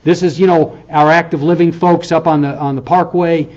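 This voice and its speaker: A man's voice: a little high, steady tone, moderate pace, a little mellow, muffled recording. A middle-aged man, a university professor, giving a heartfelt farewell lecture in a conversational, earnest way, often checking in with "okay?". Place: lecture hall.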